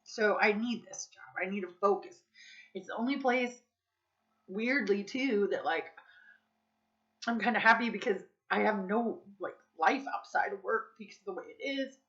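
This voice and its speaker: A woman's voice: medium pitch, moderate pace, fairly bright tone, highs cut off. A woman vlogging in a candid, casual confessional chat, swearing freely and saying "like" and "dude" a lot. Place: Las Vegas.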